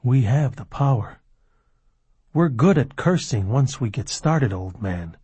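A man reading the lines of a gaunt, cursed lawyer who threatens slowly in a low voice. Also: lively intonation, warm tone, slightly rough, dry recording. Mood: menacing.

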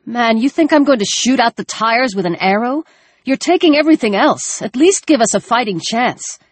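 A man's voice: very high-pitched, lively intonation, normal speed, dry recording, voice pushed up. A woman voicing a desperate male soldier, pleading urgently with a raised voice.

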